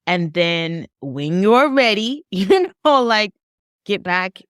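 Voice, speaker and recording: A middle-aged woman professor talking earnestly and emotionally on a podcast, often halting and restarting. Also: medium pitch, sing-song, clear, resonant tone, no echo, clean studio sound. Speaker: professor and author. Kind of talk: podcast discussion.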